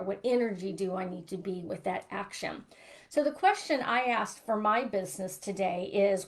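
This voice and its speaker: A middle-aged woman coaching listeners on money mindset, earnestly asking reflective questions. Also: fairly high pitch. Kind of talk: live coaching broadcast.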